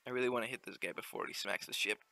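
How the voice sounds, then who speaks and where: A man giving relaxed, chatty commentary while playing through a video game. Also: medium pitch, racing, creaky. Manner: relaxed, chatty, explaining as he plays. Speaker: let's play gamer. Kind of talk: casual gameplay commentary.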